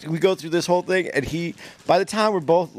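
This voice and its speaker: A man telling a rambling story in casual chat, halting with many restarts. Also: a little high.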